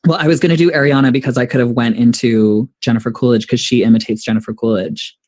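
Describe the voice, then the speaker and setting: A young drag performer chats as a guest over a video call. The talk is casual and unfiltered, full of swearing and quick laughs. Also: male voice, mid-range voice, fairly even intonation, a little mellow. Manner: candid, profane, laughs often. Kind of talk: casual interview chat.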